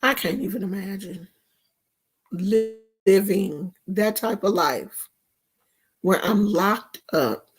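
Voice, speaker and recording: A woman's voice: medium pitch, slow, long pauses, breathy edge. A woman, chatting casually and animatedly to her viewers in a vlog. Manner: animated, talks straight to viewers with dialect and asides. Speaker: vlogger.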